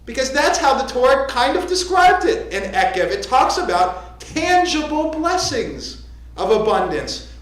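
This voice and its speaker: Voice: high voice, sing-song, unhurried. A rabbi giving a conversational, joking sermon from the pulpit of a synagogue. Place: synagogue sanctuary. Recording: echoey sanctuary.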